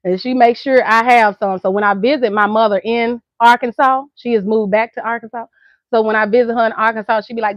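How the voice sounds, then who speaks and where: Her voice fairly high and steady, this middle-aged vlogger from the United States speaks briskly with a Southern accent, chatting casually to her viewers and laughing a lot. The dry recording comes across dull and lo-fi.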